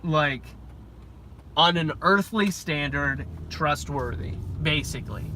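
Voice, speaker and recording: A man's voice: on the high side, expressive, slow pace, poor audio. A young man vlogging in a vehicle, musing aloud in a digressive, self-interrupting way. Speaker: Christian vlogger. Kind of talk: rambling casual monologue. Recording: loud road noise. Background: loud vehicle and road noise.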